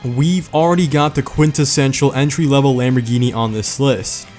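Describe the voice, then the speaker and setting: A man's voice: medium pitch, fairly even intonation, normal speed, few pauses, darkish tone. A man hosting a car video in scripted narration, joking and sarcastic, with a slight lisp from medicine. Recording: faint music behind.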